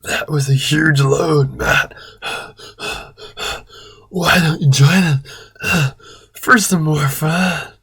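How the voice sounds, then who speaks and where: A man voicing an eager young man who pleads in a breathless, high-pitched voice in a comedic read-aloud of fan fiction. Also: very animated, measured pace, few pauses, bright, forceful tone, heavily acted.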